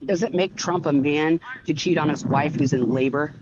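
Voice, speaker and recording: A woman's voice: deep voice, moderate pace, highs cut off, background noise. A woman co-hosting a casual political chat, blunt and fond of dry one-liners.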